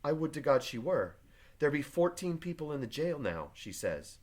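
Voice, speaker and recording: A man voicing Elizabeth Proctor, a reserved farm wife, read quietly and plainly from a play. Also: on the high side, sing-song, moderate pace. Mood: guarded. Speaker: teacher reading a play aloud. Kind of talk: reading play aloud to a class.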